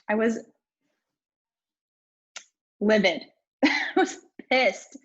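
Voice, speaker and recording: A young woman coach speaks frankly to her viewers, swearing now and then as she tells her story. Her voice is husky and breathy, and the stream audio sounds dull and lo-fi. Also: a little high, lively intonation, extremely slow, pauses often. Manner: frank, swears casually, talks straight to viewers. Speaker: life coach. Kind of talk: candid personal story on a live stream.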